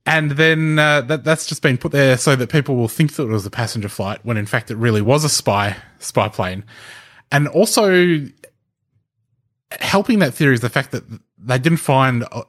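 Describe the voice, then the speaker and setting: Here a podcast co-host presenting the research talks at normal speed in a medium-pitched, somewhat bright voice. His casual explanations come out as thinking aloud, with frequent restarts and light laughter.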